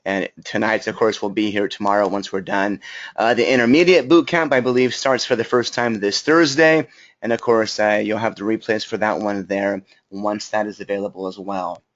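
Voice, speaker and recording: A man's voice: fairly low pitch, moderate pace. A man hosting a live online class, casual and chatty, greeting viewers with lots of fillers. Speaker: webinar host. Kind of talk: casual live webinar talk. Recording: slightly dull lo-fi audio.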